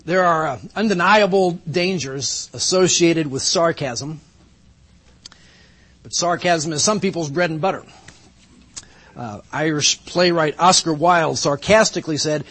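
Pastor, male, fairly high husky voice, measured sermon delivery, dry humor. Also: fairly bright tone. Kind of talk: sermon with opening prayer. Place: church sanctuary.

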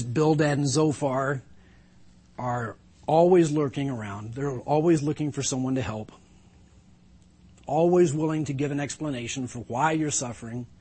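A man's voice: medium pitch, a little mellow, breathy edge. A middle-aged man preaching a sermon in an earnest, reflective way, with some emphatic lines.

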